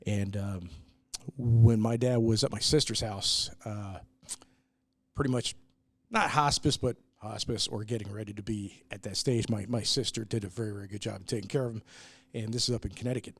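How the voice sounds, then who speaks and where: A man's voice: lowish voice, steady tone, moderate pace, no echo. A man in casual podcast chat, telling a personal family story candidly, with restarts and the odd swear word. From New York, US. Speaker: brewery owner, guest.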